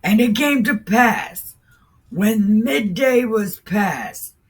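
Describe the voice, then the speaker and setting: A woman's voice: mid-range voice, lively intonation, extremely slow, slightly rough. A woman reading a Bible story aloud in a casual way, breaking in with irreverent, profane asides. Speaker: host reading scripture.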